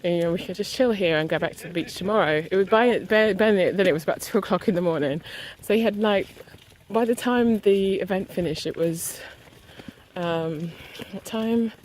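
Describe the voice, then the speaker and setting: A woman's voice: medium pitch, normal speed, darkish tone, poor audio. A woman casually recounting a story to camera, animatedly acting out both sides of an argument. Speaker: vlogger.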